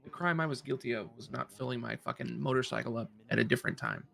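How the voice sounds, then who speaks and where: A man in casual in-character roleplay chat, telling a story in a profane, animated way. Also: mid-range voice, fast, vocal fry. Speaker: streamer playing a roleplay character.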